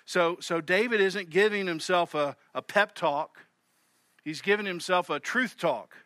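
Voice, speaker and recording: Bright-voiced preaching man. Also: high-pitched, a little slow, dry recording, studio quality. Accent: Southern US. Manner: animated preaching, swings from loud to hushed. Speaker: pastor. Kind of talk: sermon.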